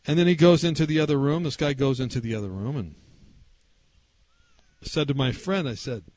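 A middle-aged male pastor preaching a storytelling sermon at a camp meeting, animated and acting out the voices in his stories. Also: mid-range voice, fairly quick. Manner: animated, acts out quoted voices.

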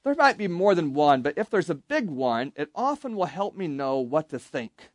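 A man's voice: fairly high pitch, very animated, normal speed, no echo. A man giving an interactive Bible lesson to young campers, asking the group questions and leading them in call-and-response. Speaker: camp Bible teacher.

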